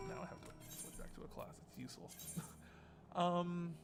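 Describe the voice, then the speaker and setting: A young man streaming a game, excitably chatting and laughing often as he gushes over cutscenes. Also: high-pitched, moderate pace, loud music behind the voice. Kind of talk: casual gameplay commentary.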